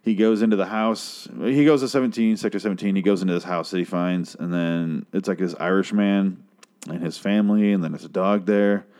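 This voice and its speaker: A man's voice: sits low, fairly even intonation, a little fast, darkish tone, clean tone. A man casually recapping a TV episode, rambling, sarcastic and swearing freely.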